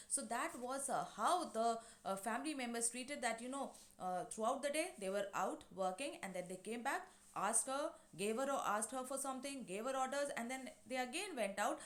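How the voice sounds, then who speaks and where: Higher-voiced woman teaching a class. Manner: recaps scenes with frequent fillers and hesitations. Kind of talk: explaining a play to a class.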